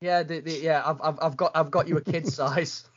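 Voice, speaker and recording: A man's voice: on the high side, fairly even intonation, a little fast. A man hosting a running podcast, chatting casually and rambling with many restarts. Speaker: podcast host. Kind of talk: casual chat. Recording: dull lo-fi sound.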